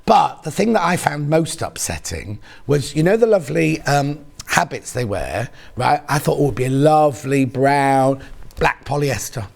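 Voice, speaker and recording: A man's voice: medium pitch, animated, normal speed, gravelly. A man presenting a live shopping show, chatting playfully, teasing colleagues and reading out viewer messages. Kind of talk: live on-air selling chat.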